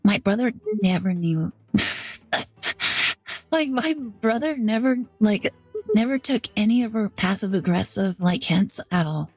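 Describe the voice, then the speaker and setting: A woman's voice: medium pitch, lively intonation, unhurried, a little mellow. A woman streamer telling a story in casual chat, rambling with lots of "like" fillers and restarts. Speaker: VTuber streamer.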